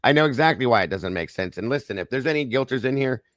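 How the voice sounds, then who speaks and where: A hoarse man hosting a true-crime livestream, greeting viewers by name and ranting angrily with plenty of swearing. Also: mid-range voice, lively intonation, quick pace, no echo, clean studio sound. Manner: angry, ranting, swears freely. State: hoarse, losing his voice. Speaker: livestream host.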